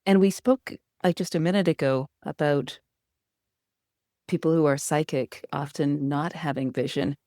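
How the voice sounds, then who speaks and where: A woman's voice: low-pitched, steady tone, a little slow, warm tone, no room sound, clean studio sound. A woman hosting a podcast interview, affirming her guest and asking reflective questions. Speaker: podcast host. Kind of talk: interview conversation.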